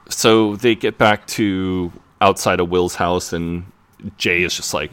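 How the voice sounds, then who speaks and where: A man's voice: low-pitched, fairly even intonation, slow, a bit bright, smooth. A man co-hosting a podcast, casually retelling a TV episode in a rambling way, full of "like" and "uh". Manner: rambling, filler-heavy retelling with "like". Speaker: podcast co-host. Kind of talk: casual chat recapping a TV episode.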